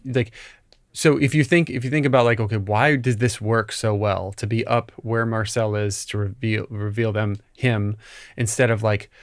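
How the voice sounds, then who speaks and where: A man's voice: fairly low pitch, smooth, dry recording, studio quality. A man co-hosting a film podcast, eagerly thinking aloud about a shot and leaning on "like" as he works it out. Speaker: podcast co-host, film reviewer. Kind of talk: casual film-analysis chat.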